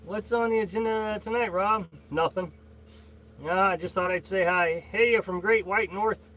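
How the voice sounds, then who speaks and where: A man with a notably high voice hosts an easygoing live stream, rambling and stopping to greet viewers one by one. He talks in halting, filler-heavy bursts, and a faint hiss sits under the recording. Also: a bit bright. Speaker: livestream host. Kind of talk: casual live-stream chat reading viewer comments.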